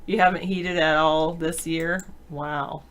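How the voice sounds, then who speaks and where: A woman's voice: low-pitched, fairly even intonation, slow pace, a bit bright. Chatty woman host reading chat comments. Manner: chatty, reads viewer comments aloud and answers them; laughs often mid-sentence. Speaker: show host. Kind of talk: casual live video-chat talk.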